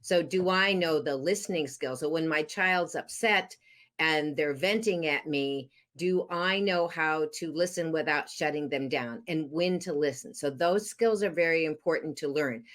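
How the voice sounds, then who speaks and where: A woman's voice: sits low, a little slow, fairly bright tone. A woman coaching parents on divorce, explaining steps earnestly with frequent fillers. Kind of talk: podcast interview advice.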